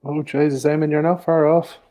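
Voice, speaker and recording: Easygoing male co-host with a fairly high voice, announcing who got it right. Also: level tone, brisk, mellow. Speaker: quiz co-host reading answers. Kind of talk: casual banter.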